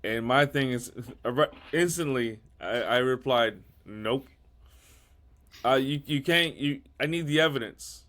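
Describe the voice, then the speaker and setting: A man's voice: medium pitch, a little slow, hardly any pauses, fairly bright tone. A man holds forth on a casual podcast, blunt and profane. He stumbles through repeated restarts before getting his point out. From California. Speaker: podcast host.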